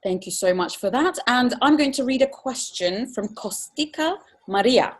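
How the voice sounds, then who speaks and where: A woman's voice: on the high side, lively intonation, moderate pace, few pauses, husky. A woman who is not a native English speaker hosts a webinar over a video call, friendly as she relays questions from the audience. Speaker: webinar host. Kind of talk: moderating a webinar Q&A.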